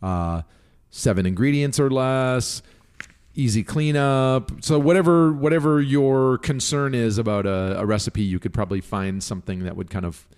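A man's voice: mid-range voice, normal speed, smooth. A man co-hosting a podcast, chatting casually in an easygoing, teasing way. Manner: easygoing, teasing, lively intonation. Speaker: podcast co-host. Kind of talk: casual chat.

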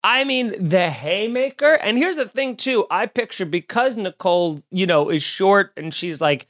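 A man hosting a comedy podcast, ranting in an animated, profane, mock-outraged way. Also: sits high, normal speed. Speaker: podcast host.

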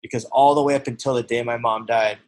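A man in his forties speaks earnestly in a personal testimony, his voice at an average pitch for a man. He tells the story in an open, conversational way and drops to a hushed tone at the emotional moments. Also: fairly even intonation, fast talker, low-quality recording. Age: 40s. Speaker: recovery speaker.

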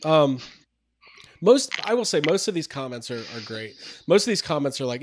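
A man's voice: fairly high pitch, very animated, moderate pace, slight background noise. A man co-hosting a casual podcast, laughing as he reads online comments aloud in a mocking tone. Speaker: podcast co-host.

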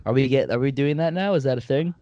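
A young man with a mid-range voice talks fast in easy sports banter, teasing and dry. The sound is close and dead, with no room at all. He keeps the tone casual and conversational. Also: medium pitch, mellow, no echo, lo-fi sound. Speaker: sports podcast co-host.

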